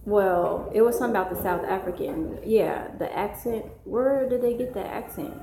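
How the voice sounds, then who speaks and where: A woman's voice: mid-range voice, moderate pace. A woman hosting a casual live stream at home, reading viewers' comments and talking in a slangy, rambling way that keeps getting sidetracked. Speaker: live-stream host, mother. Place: home, with children nearby. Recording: echoey room with faint noise.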